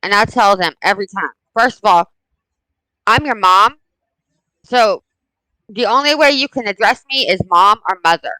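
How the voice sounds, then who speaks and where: Woman, forties, blunt emphatic talker, bright crisp voice, dry close sound. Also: mid-range voice, normal speed, long pauses, dry recording, poor audio. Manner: blunt, emphatic, animated storytelling. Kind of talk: casual chat.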